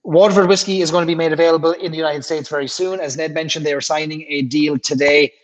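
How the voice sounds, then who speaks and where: An Irish man hosts a relaxed livestream and talks straight into a desk mic. His voice sits a little high, and he chats loosely, reads viewer comments aloud and often repeats himself. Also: fast talker, low-quality recording. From Ireland. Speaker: livestream host. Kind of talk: casual livestream chat reading comments.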